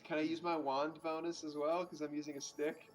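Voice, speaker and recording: A man's voice: on the high side, level tone, brisk, faint music behind. Playful man at a tabletop game. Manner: playful, hesitant, many restarts. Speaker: player. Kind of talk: casual tabletop role-play.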